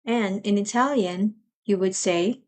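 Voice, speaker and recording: A woman teaching a live language lesson, explaining patiently and repeating each phrase slowly. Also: mid-range voice, darkish tone, a little hiss or hum.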